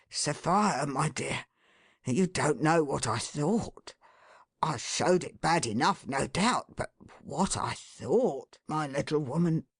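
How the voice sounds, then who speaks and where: A grumbling middle-aged husband voiced by a woman reading an audiobook speaks in a low, gravelly mutter. He takes his time over every word, heavy and dragging. The sound is close and dry. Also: dry recording, full character voice. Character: middle-aged working-class husband, gruff then remorseful. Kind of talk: audiobook character voice.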